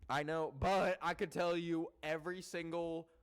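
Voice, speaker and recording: A young man hosting a casual podcast, rambling with lots of filler words and swearing, jumping from loud outbursts to soft muttered asides. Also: on the high side, level tone, moderate pace, clean tone. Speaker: podcast host.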